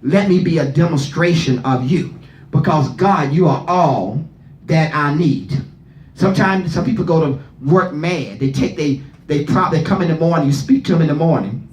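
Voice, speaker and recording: A man's voice: fairly high pitch, normal speed, echoey room. A man preaching at a Bible study, leading readers and firing questions at the room. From not from Philadelphia. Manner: fervent, asks the room questions, repeats words.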